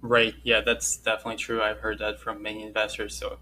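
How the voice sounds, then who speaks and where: A man's voice: on the low side, completely flat delivery, fairly quick, sharp tone, slight background noise. A man from Russia with a Russian accent, hosting a podcast interview in a chatty, friendly way. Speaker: podcast host. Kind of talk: casual interview talk.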